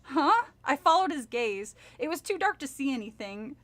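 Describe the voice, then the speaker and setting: A woman's voice: high voice, big pitch swings, moderate pace. A young woman casually reading a spooky kids' book aloud on a stream, chatting and giggling often. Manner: giggly, breaks into laughter often. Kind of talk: casual read-aloud with chat.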